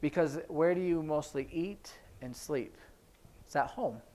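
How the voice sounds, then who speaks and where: A man teaching a sign language class in a church classroom, explaining each sign as he demonstrates it, with hurried asides about the time. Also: fairly high pitch, mellow. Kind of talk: classroom instruction.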